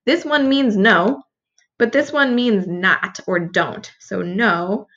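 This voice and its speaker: Bright-voiced woman teaching step by step. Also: a little high, animated, slow, muffled recording. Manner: patient, step-by-step explaining. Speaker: Spanish teacher. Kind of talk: recorded review lesson.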